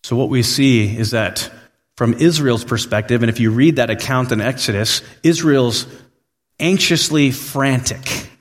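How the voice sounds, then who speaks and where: A man preaching a sermon as pastor, telling a story in an animated way and acting out the voices he quotes. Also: mid-range voice, a little slow. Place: church sanctuary. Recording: long reverb of a large hall.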